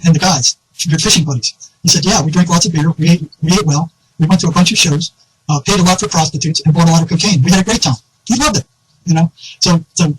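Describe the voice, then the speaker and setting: Fast-talking man telling a wild story. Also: on the high side, slight background noise, poor audio. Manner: animated anecdote teller, quotes others, laughs often. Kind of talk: casual storytelling conversation.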